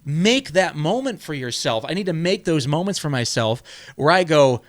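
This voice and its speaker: A man's voice: fairly high pitch, big pitch swings, normal speed. A man hosting a podcast, talking in a casual, motivational way. He rambles, repeats his words and keeps checking in with "right?". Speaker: podcast host.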